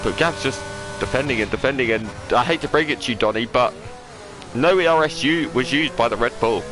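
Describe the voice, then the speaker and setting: A man giving live commentary on an esports race, excitable, breaking into quick exclamations when the racing gets close. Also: mid-range voice.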